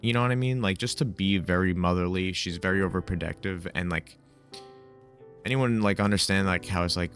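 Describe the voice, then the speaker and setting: A man's voice: low voice, brisk, fairly bright tone, soft background music. A young man telling a casual, comedic personal story in a rambling, profane way, full of fillers and slang. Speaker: storyteller, video host.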